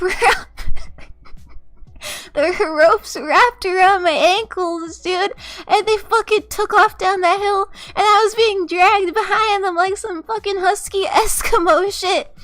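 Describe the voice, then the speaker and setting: A woman's voice: very high voice, fairly bright tone. A young woman streamer telling a rambling, profane story in an exasperated, casual way, often laughing. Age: young adult.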